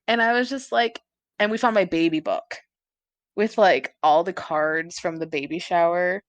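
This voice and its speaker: A woman's voice: on the low side, normal speed, no echo. A young woman co-hosting a podcast in casual chat, swearing freely and laughing often. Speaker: podcast co-host.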